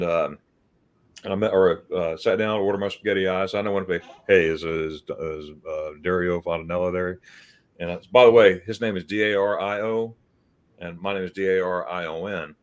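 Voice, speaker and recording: Low-voiced man telling a casual story. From United States. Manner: storytelling, repeats words, acts out quotes. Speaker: host. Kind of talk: casual livestream chat.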